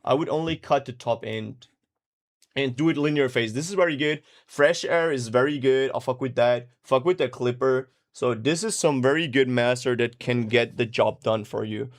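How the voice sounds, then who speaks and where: A relaxed male mix engineer chats casually while answering viewer questions, swearing freely and dropping into lively storytelling. His voice sits at an ordinary middle pitch. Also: moderate pace. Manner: laid-back, profane, animated storytelling. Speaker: music producer and mix engineer. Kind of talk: casual livestream Q&A.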